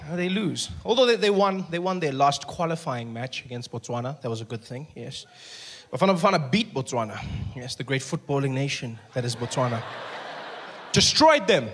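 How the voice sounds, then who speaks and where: High-voiced South African comedian on stage. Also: male voice, a little fast. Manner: animated, acts out characters. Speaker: stand-up comedian. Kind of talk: stand-up comedy. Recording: live show with clear noise.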